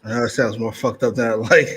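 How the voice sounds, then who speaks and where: A man co-hosting a podcast with a dry, blunt, deadpan manner. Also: mid-range voice, noisy background. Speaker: podcast co-host. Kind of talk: casual chat.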